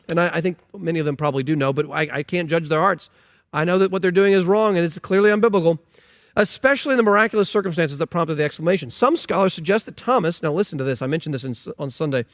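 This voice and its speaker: A man's voice: high-pitched, a bit bright, no room sound, studio quality. A man preaching a sermon on scripture, emphatic and incredulous, with frequent restarts. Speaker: pastor.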